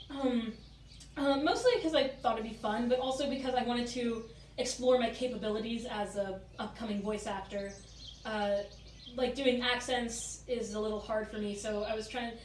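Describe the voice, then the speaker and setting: A young woman from Puerto Rico chats casually and laughs easily, with a slightly high voice. She is picked up from across an echoing room, and faint noise sits in the background. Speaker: guest, aspiring voice actor. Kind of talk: casual chat. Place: historic tavern room, indoors. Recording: roomy, distant mic, faint background noise.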